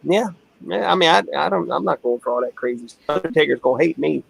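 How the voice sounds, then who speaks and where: A man's voice: on the high side, lively intonation, fast talker, creaky, husky, low-quality recording. A man, co-hosting a casual homestead chat in a blunt, joking way. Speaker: co-host of a homestead channel.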